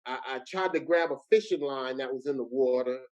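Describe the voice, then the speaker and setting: A man's voice: mid-range voice, brisk, lo-fi sound. A middle-aged man from New Jersey, a guest comedian telling a story in casual chat with street slang.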